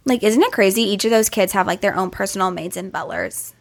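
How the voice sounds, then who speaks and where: A woman's voice: mid-range voice, fairly quick. A woman co-hosting a podcast in casual chat, gushing and bubbly with lots of "like". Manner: bubbly, gushing, heavy use of "like". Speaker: podcast co-host.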